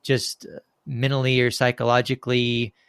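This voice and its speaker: Guy co-hosting a podcast, asks long halting questions, pretty monotone. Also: medium pitch, smooth, no room sound, clean studio sound. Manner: halting, restarts while forming a question. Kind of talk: casual interview question.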